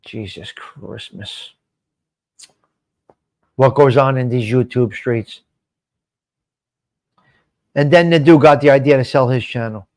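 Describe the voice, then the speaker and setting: A man's voice: medium pitch, measured pace, pauses often, darkish tone. A man hosting a live stream show, chatting casually and answering viewer comments by name in a rambling, swearing way.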